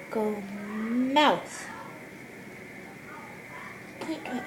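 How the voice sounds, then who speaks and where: A woman speaks in slow, sing-song baby talk, coaxing a toddler at home. Her voice sits a little high and she draws each word out. The home camcorder recording carries a clear hiss and room noise behind her. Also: lively intonation, a little mellow, low-quality recording. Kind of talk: home video, talking to a toddler. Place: family home indoors.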